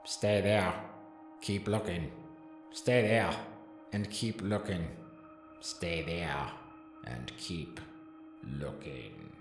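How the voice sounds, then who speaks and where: A man voicing a sinister male alien leader who gives telepathic orders in slow, drawn-out commands. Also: fairly low pitch, steady tone, reverberant, faint music behind. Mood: menacing.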